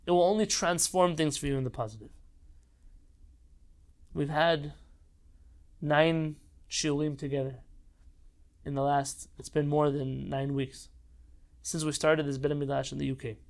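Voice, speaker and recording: Gravelly, impassioned man teaching Torah. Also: a little high, fairly even intonation, measured pace, long pauses. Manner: impassioned, repeats phrases for emphasis. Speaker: rabbi teaching a Torah class. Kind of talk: heartfelt online Torah lesson.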